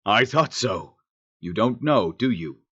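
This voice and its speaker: A man voicing a polite, soft-spoken male alien who talks in a conciliatory, apologetic way with a deep rumbling voice. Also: animated, slow pace, slightly rough, lo-fi sound, exaggerated voice. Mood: earnest.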